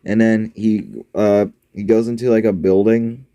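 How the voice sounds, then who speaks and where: Rambling low-voiced man narrating a game. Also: little pitch movement, a little slow, dark tone, clean tone, no echo, muffled recording. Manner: rambling, filler-heavy, offhand storytelling. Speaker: app game commentator.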